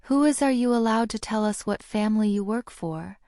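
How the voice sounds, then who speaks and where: A woman's voice: mid-range voice, normal speed, dark tone, no room sound, clean studio sound, lightly acted. A woman voicing an earnest, studious young witch in an audiobook, explaining things carefully. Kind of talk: audiobook character reading.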